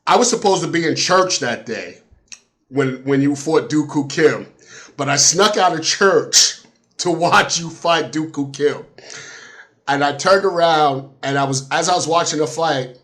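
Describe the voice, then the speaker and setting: A man hosting a casual interview speaks in a slightly high voice. His talk is chatty and halting, with sentences often started again. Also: fairly bright tone. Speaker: interview host.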